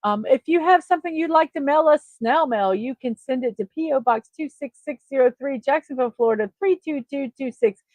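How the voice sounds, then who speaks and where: Brisk and barely pausing, a woman with a high-pitched, slightly mellow voice chats in a friendly way on her own morning livestream. Her casual talk is full of ums and uhs, and the recording has no room sound.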